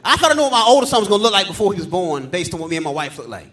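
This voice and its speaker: A man in his thirties doing live stand-up comedy on a theater stage, telling loud, profane stories about his kids and acting them out in squeaky shouts. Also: very animated, very fast. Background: live audience laughter.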